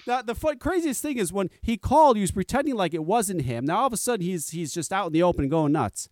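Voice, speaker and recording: Male host, casual profane storyteller, higher-pitched and very expressive delivery. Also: fast talker, hardly any pauses, no room sound. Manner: animated, profane, acts out dialogue.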